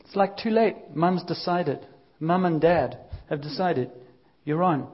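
A man gives a conversational sermon and lets his voice rise and fall as he acts out the lines of the story. His voice sits somewhat high. The recording sounds muffled and lo-fi. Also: measured pace. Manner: lively, conversational storytelling with acted-out quotes. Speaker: preacher.

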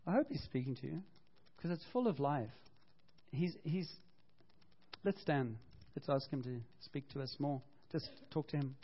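A man preaching a sermon as pastor, animated and storytelling, acting out quotes and correcting himself as he goes. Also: fairly high pitch, measured pace, slightly rough. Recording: dull lo-fi sound.

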